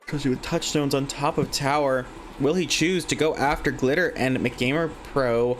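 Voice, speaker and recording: A man casting a live online game tournament, giving chatty, excitable play-by-play and thinking aloud with questions. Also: mid-range voice, moderate pace, a little hiss or hum. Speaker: esports caster.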